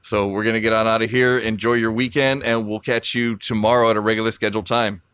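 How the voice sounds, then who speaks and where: A man's voice: fairly low pitch, level tone, quick pace, a bit bright, smooth, dry recording, studio quality. A man hosting a podcast, chatting casually and laughing easily as he talks. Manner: easygoing, laughs while talking. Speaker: podcast host. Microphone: podcast microphone.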